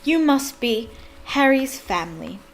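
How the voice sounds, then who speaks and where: A woman reading the lines of a kind mother who gently scolds her daughter. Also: a little high, expressive, measured pace, a little hiss or hum. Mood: motherly.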